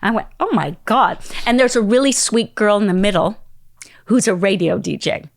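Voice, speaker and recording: A woman's voice: medium pitch, brisk, no room sound. A middle-aged woman telling a long story as an interview guest, acting out the people in it and sometimes dropping to a whisper. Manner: acts out quoted voices and phone calls, dropping into whispers. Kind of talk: animated storytelling.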